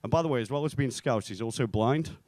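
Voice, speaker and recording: A young man from the North West of England, performing a stand-up comedy set in a club, delivering deadpan punchlines and acting out the voices of people in his stories. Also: mid-range voice, fast, no room sound.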